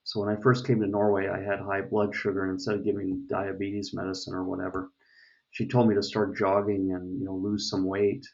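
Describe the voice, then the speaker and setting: Man, low flat voice, gravelly, rambling casual talk, dull lo-fi sound. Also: brisk. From United States. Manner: rambling, many fillers and restarts. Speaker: vlogger. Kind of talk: casual opinion monologue. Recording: dull lo-fi recording.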